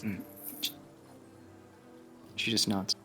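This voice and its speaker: A man's voice: drawn-out words, sharp tone, faint music behind. A man playing a tabletop game, hesitantly describing his character's actions. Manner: hesitant, casual. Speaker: player.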